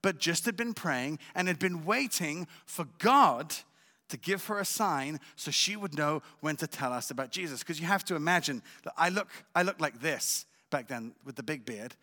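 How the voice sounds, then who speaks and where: Animated man telling his testimony in a hall. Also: on the high side, normal speed. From Israel. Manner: animated storytelling, keeps checking in with listeners. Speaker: guest speaker. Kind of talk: personal testimony at a church service. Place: church sanctuary.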